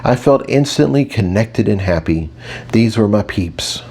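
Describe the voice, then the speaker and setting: A man's voice: on the low side, expressive, unhurried, a little mellow. A man narrating a fantasy audiobook in the first person, wry and conversational.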